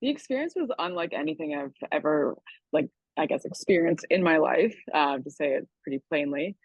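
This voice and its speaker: A woman's voice: low-pitched, expressive, fairly quick, breathy edge, no echo, dull audio. A young woman from the Niagara region of Canada, a chef chatting casually with many likes and ums. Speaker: chef guest. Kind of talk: casual interview.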